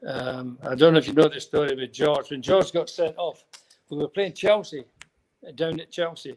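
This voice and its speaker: A man's voice: fairly high pitch, steady tone, moderate pace, a little mellow, low-quality recording. An older man with a Scottish accent, a former footballer telling rambling anecdotes as a guest, breaking into chuckles now and then. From Scotland. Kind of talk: casual storytelling.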